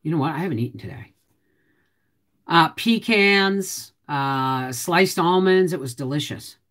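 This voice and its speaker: A woman's voice: low voice, unhurried, fairly bright tone. A woman hosting a live stream from home, chatting with viewers in a chatty, teasing way and answering their comments. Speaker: homestead channel host.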